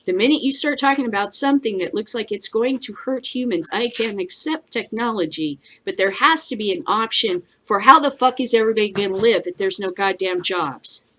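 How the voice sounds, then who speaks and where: A woman's voice: medium pitch, expressive, brisk, hardly any pauses, pushed and bright, a little hiss or hum. A woman hosting a casual commentary show, ranting bluntly with lots of swearing and frequent laughter. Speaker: host.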